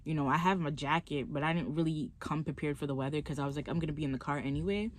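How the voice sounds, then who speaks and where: A young woman vlogger telling a story in a casual, animated, chatty way. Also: low-pitched, quick pace, slight background noise.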